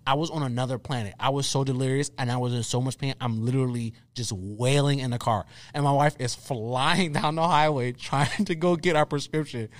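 A young man co-hosting a podcast, chatting casually and telling a story with animated repetition for emphasis. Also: medium pitch, fairly quick, few pauses, no room sound. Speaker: podcast co-host. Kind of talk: casual chat.

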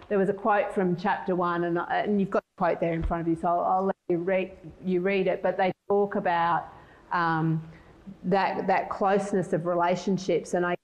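A middle-aged woman giving a conference presentation in a measured, thoughtful way, often restarting her sentences. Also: lowish voice, a little mellow, rough recording. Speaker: conference speaker.

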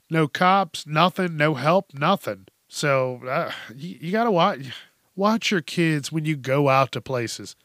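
A man's voice: on the high side, animated, slow pace, fairly bright tone, no echo, clean studio sound. A man hosting a podcast, telling a news story in a casual, profane way and often laughing. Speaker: podcast host.

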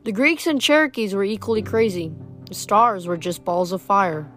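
A woman reading a novel aloud in steady storytelling narration. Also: medium pitch, moderate pace, faint music behind. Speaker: reader.

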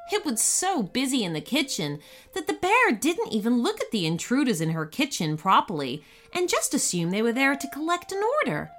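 A woman narrating a children's story with an expressive, unhurried reading. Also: on the high side.

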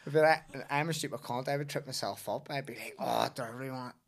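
A man's voice: medium pitch, quick pace, creaky. A man with a Northern Irish accent, a podcast guest joking and swearing in casual chat.

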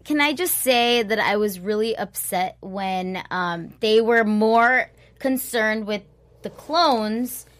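Woman podcast co-host, mid-pitched voice, expressive and giggly. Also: slow. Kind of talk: casual chat recapping a show.

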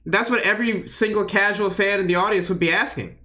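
Young man with a slightly higher voice, co-hosting a casual wrestling talk show. He recaps in a loose, hesitant ramble, piling up fillers as he thinks aloud. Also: a little fast, bright, forceful tone. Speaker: podcast co-host.

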